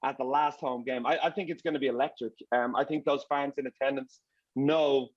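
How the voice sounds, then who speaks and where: A man speaking as a soccer broadcaster on a panel, animated and often restarting his words. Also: medium pitch, a little fast, no echo, muffled recording. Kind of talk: casual panel discussion.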